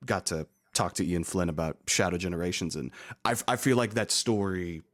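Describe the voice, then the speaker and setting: A young man with a low voice hosts a casual chat. He comes across as an eager fan, agreeing quickly before asking his next question. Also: fairly bright tone. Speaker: interview host. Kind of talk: casual video interview.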